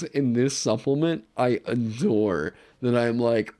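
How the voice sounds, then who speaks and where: A man chatting on a livestream in an excitable way, swearing freely and breaking into laughter. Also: medium pitch, slow, few pauses. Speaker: streamer designing game content. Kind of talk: casual livestream chat.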